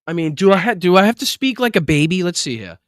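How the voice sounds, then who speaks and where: A man's voice: high voice, sing-song, fast talker, no room sound, studio quality. A man hosting a live political show, reading news with sarcastic, profane, rambling asides. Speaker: political livestream host. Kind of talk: casual political commentary.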